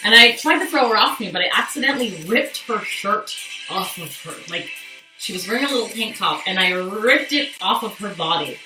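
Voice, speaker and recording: Casually storytelling on her live stream, a young Canadian woman is candid and profane, chatting with viewers as she recounts something personal. Her medium-pitched voice is animated and a little fast, sounding far from the mic in an echoey room where faint music plays.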